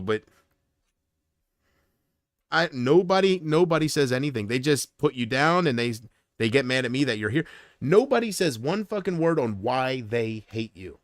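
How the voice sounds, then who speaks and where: A man's voice: fairly high pitch, no echo, clean studio sound. A man hosting a livestream, ranting casually and profanely to his chat, addressing viewers by name and rambling in restarts. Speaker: livestream host.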